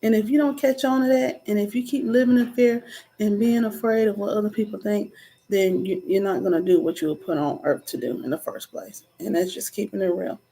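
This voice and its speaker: A woman's voice: mid-range voice, steady tone, fairly quick, creaky, dark tone. A woman in her thirties giving an earnest, conversational inspirational talk, with frequent ums and preachy asides. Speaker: vlogger. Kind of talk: casual inspirational talk to camera.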